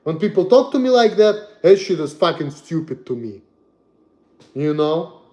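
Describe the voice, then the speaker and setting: A young man from Russia with a Russian accent, ranting bluntly and profanely on a livestream, repeating himself and swinging between loud and soft. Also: on the high side, big pitch swings, measured pace, muffled recording. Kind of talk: casual rant to stream.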